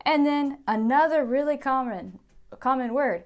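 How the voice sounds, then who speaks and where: Slow, careful American woman teaching. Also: sits high, lively intonation, lo-fi sound. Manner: repeats words carefully, ends points with "okay?". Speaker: English pronunciation teacher. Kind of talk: slow, deliberate pronunciation lesson.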